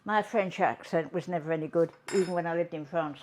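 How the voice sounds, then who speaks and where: A woman hosting a home cooking demonstration, chatting in an unhurried way as she works in her kitchen. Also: on the low side, background noise. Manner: chatty, unhurried, talks while working. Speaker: cooking show host.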